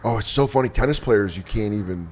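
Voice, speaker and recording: A man's voice: fairly low pitch, fast, a little hiss or hum. A man hosting a comedy podcast, chatting casually with a friend and acting out quoted lines, swearing freely. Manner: animated, acts out quoted lines in silly voices, swears freely. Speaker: podcast host.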